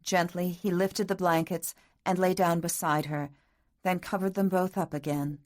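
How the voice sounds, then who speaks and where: A woman with a slightly low voice reads a romance novel aloud. Her narration is soft and measured. She is an audiobook storyteller. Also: fairly even intonation. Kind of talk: scripted narration.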